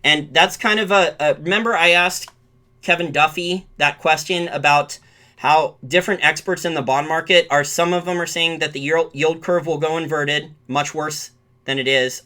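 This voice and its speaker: A man's voice: fairly high pitch, sharp tone. A man hosting a live-streamed finance show, giving loose market commentary that often restarts mid-sentence and corrects itself. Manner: rambling, restarts and corrects himself.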